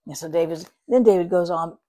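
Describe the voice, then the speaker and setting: A middle-aged woman gives a morning devotional in a slightly low, husky voice. She speaks earnestly and expressively, and now and then her voice falls to a soft whisper. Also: fairly quick. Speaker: devotional host.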